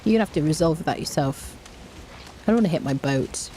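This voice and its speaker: A woman's voice: low voice, lively intonation, fairly quick, warm tone, a little hiss or hum. A woman streaming a video game with casual, chatty commentary, humming little tunes as she plays. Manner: chatty and playful, hums tunes while playing. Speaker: gaming streamer. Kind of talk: casual let's-play commentary.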